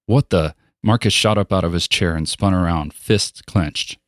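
A man narrating an audiobook in an even, steady storytelling voice. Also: low-pitched, moderate pace, no room sound, clean studio sound. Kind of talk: scripted narration.

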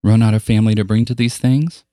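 A man's voice: steady tone, fast, warm tone, no room sound, studio quality, close to an everyday voice. A man voicing a vain, spiteful teenage girl in an audiobook, snide and threatening. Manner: snide, then shrill threats.

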